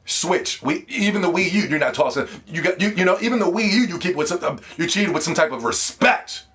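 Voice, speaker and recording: Guy ranting about consoles, cussing a lot, kinda high voice, stumbles over words. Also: animated, a little fast, fairly bright tone. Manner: heated, profane, repeats words when worked up. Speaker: gaming video host. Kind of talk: ranting video commentary.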